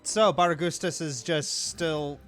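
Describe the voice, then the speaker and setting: A man running a tabletop game as game master, relaxed and unhurried, with many fillers. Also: on the high side, faint music behind.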